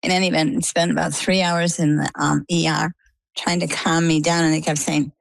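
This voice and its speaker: Woman, middle-aged, from Maine, interview guest, animated storyteller, low pitch, gravelly, dry sound. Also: brisk, dry recording, low-quality recording. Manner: animated storytelling, acts out quoted dialogue.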